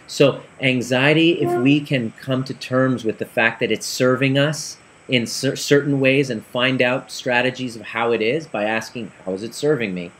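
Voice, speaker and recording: A man telling a client story in an earnest, animated way, acting out the dialogue as he goes. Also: mid-range voice, unhurried, hardly any pauses. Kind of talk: storytelling talk.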